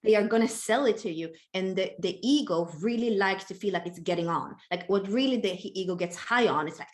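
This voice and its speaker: Mid-pitched woman explaining calmly. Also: fairly quick. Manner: steady, explaining, frequent "like". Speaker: co-host, teacher. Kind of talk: casual explanatory chat.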